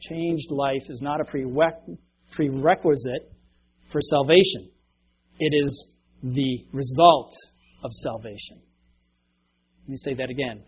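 A man's voice: a little high, slightly rough. A man preaching a conversational sermon as pastor, telling stories and acting out the people in them. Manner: conversational, acts out quoted voices, laughs at himself. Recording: dull lo-fi recording.

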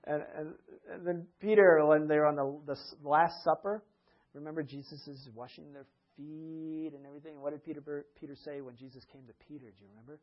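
A man delivers a sermon in a slightly higher register, his voice husky and a touch breathy. He tells the stories with animation, laughing often and acting out the quotes, and the recording sounds dull and lo-fi. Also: fairly quick. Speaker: preacher. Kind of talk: sermon retelling Bible stories.

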